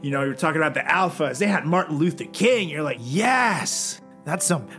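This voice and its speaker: Man, podcast co-host, jokey, riffing, fairly high voice, faint music underneath. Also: fast, a bit bright. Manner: jokey, riffing, playful impressions. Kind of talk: casual chat.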